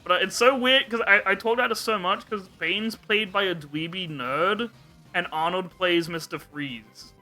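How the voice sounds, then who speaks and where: Bright-voiced young man joking on a podcast. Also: high voice, normal speed, soft background music. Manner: animated joking retelling with swearing and laughs. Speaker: podcast host. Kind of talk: casual podcast chat.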